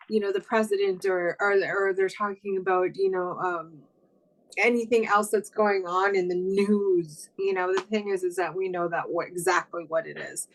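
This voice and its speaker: A woman's voice: mid-range voice, fairly bright tone, rough recording. A woman in casual conversation, rambling and full of fillers like "you know" and "um". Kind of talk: casual chat.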